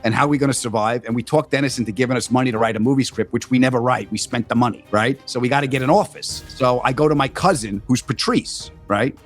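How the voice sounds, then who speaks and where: A man's voice: mid-range voice, fast talker, hardly any pauses, faint music behind. A man telling a comedy story in casual talk, acting out quoted lines in a raised voice. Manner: animated, acts out quotes in raised voice.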